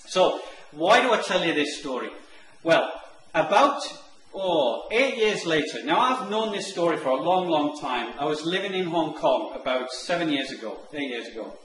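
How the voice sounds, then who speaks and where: A man telling a long comic anecdote, animated and acting out the characters' lines. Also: normal speed. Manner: animated, acts out the characters' lines in higher voices. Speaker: online marketing presenter. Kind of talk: storytelling anecdote. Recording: echoey room with faint noise.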